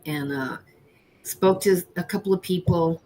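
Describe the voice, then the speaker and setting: A middle-aged woman, a baker, telling her story as an interview guest in an earnest, reflective way with halting restarts. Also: lowish voice, warm tone, a little hiss or hum, poor audio. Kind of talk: candid personal storytelling.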